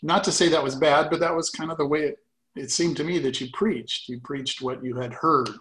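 An older man with a slightly raised voice and a folksy, laughing way of telling stories. He's a retired pastor reminiscing in relaxed conversation, unhurried and warm in his anecdotes. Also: fairly high pitch, low-quality recording. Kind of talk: casual conversation.

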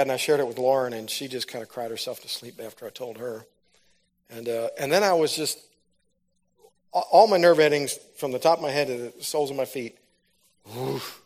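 A man giving a sermon, telling a personal testimony that builds into fervent preaching. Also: a little high. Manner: storytelling, rises to loud fervent preaching.

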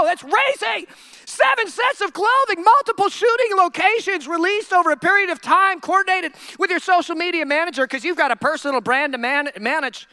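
A male pastor preaching a sermon in a humorous, animated storytelling way. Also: very high-pitched, dry recording, clean studio sound.

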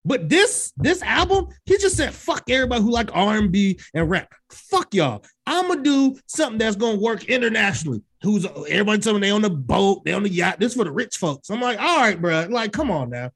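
A woman co-hosting a podcast, giving her take in casual chat; she is emphatic and profane, and she acts out her own reactions in sudden high yelps. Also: big pitch swings, a little fast, few pauses, husky. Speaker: podcast co-host. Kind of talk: casual music review chat.

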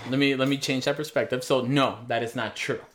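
A man's voice: mid-range voice, steady tone, fairly quick, a bit bright. A man co-hosting a casual podcast, defending himself, laughing often and repeating words. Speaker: podcast co-host. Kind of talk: casual group banter.

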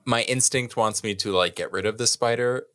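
A young man co-hosting a podcast, telling a long story in a casual, animated, self-mocking way and swearing freely. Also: mid-range voice, normal speed. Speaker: podcast co-host.

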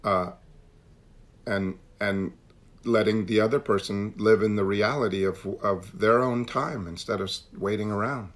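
Low-voiced man leading a recovery meeting. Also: fairly even intonation, a little slow. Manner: earnest, repeats phrases for emphasis. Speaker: meeting leader. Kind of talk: sharing at a recovery meeting on a call.

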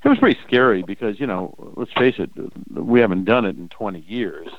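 Older man telling lively stories. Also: lowish voice, brisk, no room sound, narrow, tinny audio. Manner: animated anecdotes with quoted voices and laughs. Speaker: interview guest, former game show host. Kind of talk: casual storytelling interview.

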